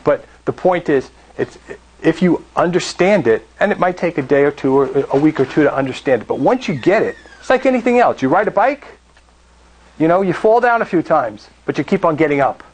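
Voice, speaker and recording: A man's voice: a little high, lively intonation, fairly quick, slightly rough, low-quality recording. A man co-hosting a meetup, introducing the next speaker in a plain, encouraging way. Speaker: meetup co-host.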